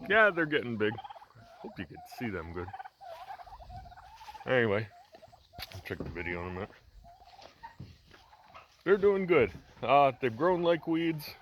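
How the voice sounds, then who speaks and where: A man's voice: medium pitch, unhurried, pauses often, highs cut off, background noise. A man chatting casually about farm chores as he walks outdoors, filming on a handheld camera, with plenty of fillers and restarts. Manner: relaxed, rambling, many fillers and restarts. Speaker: farmer vlogger. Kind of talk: casual walk-and-talk narration.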